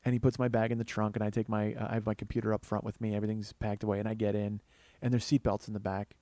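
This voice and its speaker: A man telling a long comic story on his show, swearing often, starting in low murmurs and building to excited, rising outbursts. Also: fast, no room sound. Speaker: comedian and podcast host. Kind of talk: storytelling monologue.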